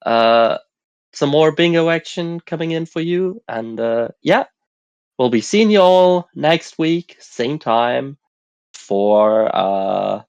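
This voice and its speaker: A man hosting a casual stream chat while sick, relaxed and halting with many fillers. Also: on the high side, vocal fry, clear, resonant tone, no echo. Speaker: host.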